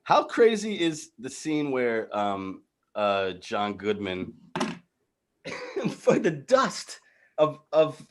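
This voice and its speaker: Giggly, animated man rambling. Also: medium pitch, drawn-out words, long pauses. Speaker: panel guest. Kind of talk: casual chat.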